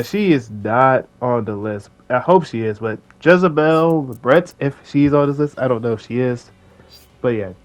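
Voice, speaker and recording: A young man hosting a casual commentary video, rambling with slang and lots of fillers. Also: medium pitch. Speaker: video host.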